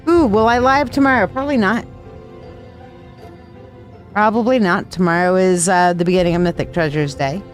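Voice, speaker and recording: A woman's voice: on the low side, normal speed, long pauses, faint music behind. A woman hosting a live tarot reading. She talks in a loose, rambling, affectionate way and calls her viewers sweetheart. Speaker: tarot reader and live stream host.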